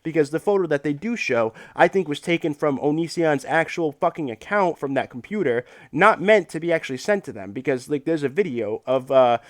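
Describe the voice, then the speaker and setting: Male streamer host, higher voice, dry close sound, profane rambling rants. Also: lively intonation, no echo. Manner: profane, rambling, fast-talking rant. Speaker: livestream host. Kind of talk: casual livestream chat.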